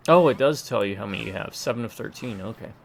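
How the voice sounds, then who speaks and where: Gravelly-voiced man muttering game commentary. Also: on the low side, animated, quick pace, slight background noise. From Georgia, USA. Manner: muttered running remarks and dry quips while playing. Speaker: gameplay commentator. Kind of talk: casual let's-play commentary.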